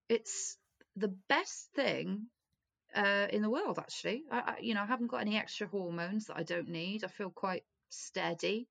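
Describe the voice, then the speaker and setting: A young woman chatting casually and telling animated stories, swearing freely. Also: medium pitch, gravelly, no room sound. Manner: animated storyteller, swears freely, acts out friends' voices. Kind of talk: casual chat.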